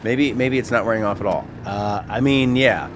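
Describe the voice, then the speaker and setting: A man's voice: lowish voice, normal speed, noisy background. A man chatting casually and joking at himself while he plays a video game. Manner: chatty, jokey, self-mocking. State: playing a tipsy character. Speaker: gaming streamer. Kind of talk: casual gameplay commentary.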